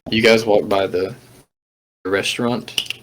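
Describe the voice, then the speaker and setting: A man narrating as game master of an online tabletop game, relaxed and laughing often, with the hiccups. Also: on the low side, a little slow, rough recording.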